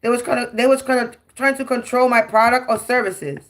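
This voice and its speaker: A woman's voice: fairly high pitch, a little fast. A woman, giving a brash, profane, taunting spiritual tarot monologue. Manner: taunting, repetitive, defiant.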